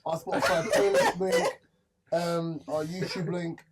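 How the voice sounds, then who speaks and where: A man's voice: fairly high pitch, wildly swooping pitch, a little slow, heavy background noise. A man hosting a podcast, chatting in slangy banter and wrapping up the episode. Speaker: podcast host. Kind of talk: casual chat and show sign-off.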